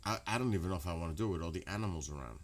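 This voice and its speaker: A man's voice: low-pitched, rapid-fire. A man, chatting casually and profanely to his late-night stream audience. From New York. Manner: rambling, profane, laughs loudly.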